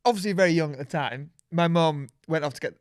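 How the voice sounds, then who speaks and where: A man's voice: a little high, fast, no echo, clean studio sound. A man, co-hosting a podcast in casual chat, speaking reflectively and restarting his sentences. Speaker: podcast co-host.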